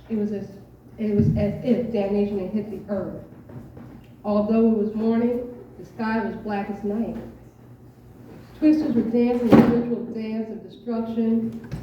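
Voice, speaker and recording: Woman performer, open mic, reading her short story, measured delivery, distant mic, dull sound. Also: mid-range voice, a little hiss or hum. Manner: measured storytelling with hesitant asides. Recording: echoey dull room from far off.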